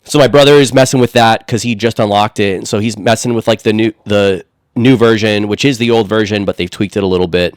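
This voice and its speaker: A man's voice: fairly low pitch, fairly even intonation, brisk, clear, resonant tone, no echo, clean studio sound. A man co-hosting a podcast, telling a long story in a rambling way with lots of fillers. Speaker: podcast co-host. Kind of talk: casual podcast chat.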